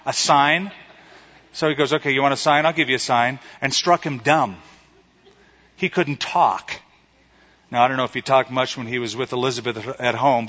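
A male preacher giving a sermon in a conversational, animated way, retelling stories and acting out quotes. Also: on the high side. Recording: echoey hall, slightly dull sound.

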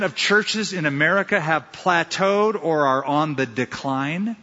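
A man preaches a sermon to his congregation, telling stories and driving points home by repeating them. His voice is bright, forceful and slightly high. The sound is a little dull and carries the long reverb of a large hall. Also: measured pace, few pauses. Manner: preacherly storytelling with emphatic repetition. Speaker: pastor.

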